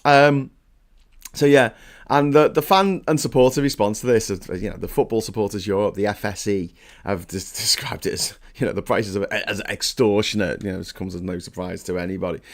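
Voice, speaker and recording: A man's voice: on the low side, fairly quick. Guy on his morning livestream, chatty and sweary, thanks viewers as he goes. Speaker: host of a morning live stream. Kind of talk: casual live-stream chat.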